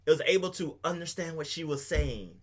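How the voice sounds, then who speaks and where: Guy cohosting a podcast, bit high voice, excited and rambly. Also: fairly quick. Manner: enthusiastic, explains at length. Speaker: podcast co-host. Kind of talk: casual chat.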